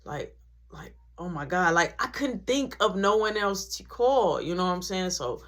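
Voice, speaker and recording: A woman's voice: fairly low pitch, moderate pace. A woman telling a story from her past in a casual vlog, acting out the people in it. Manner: animated, acts out every voice.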